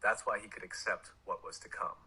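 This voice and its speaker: A man explaining spiritual ideas in a smooth, measured, even way. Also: fairly low pitch, rough recording.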